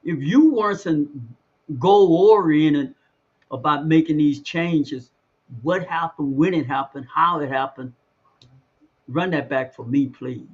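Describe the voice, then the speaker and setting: Slow, halting man with a muffled line. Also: on the high side, breathy edge. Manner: halting, searching for words. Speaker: host. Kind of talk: interview question.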